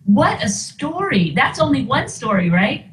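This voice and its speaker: A woman's voice: sits high, big pitch swings, unhurried, fairly bright tone, echoey room, distant mic, poor audio. A woman hosting an interview, gushing and emotional as she responds to the story. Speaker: host. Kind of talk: casual interview.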